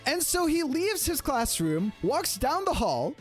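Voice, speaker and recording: A man spins a casual personal story in a lively voice that swings up and down. He swears freely and tosses in quick asides. Faint music plays beneath him. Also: very high voice. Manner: animated, swears often, fast asides. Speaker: streamer telling a personal story.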